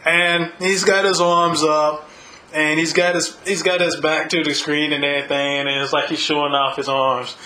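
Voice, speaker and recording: Casual co-host: man, bright forceful voice, a little higher than most, laughs through his stories. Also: little pitch movement, normal speed, slight background noise, low-quality recording. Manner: laughs often while telling stories. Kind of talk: casual chat, storytelling.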